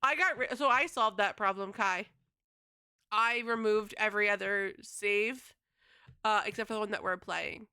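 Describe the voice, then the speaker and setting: A woman's voice: mid-range voice, normal speed, bright, forceful tone, clear, resonant tone. A woman game streamer chatting casually to her live chat, rambling and swearing freely.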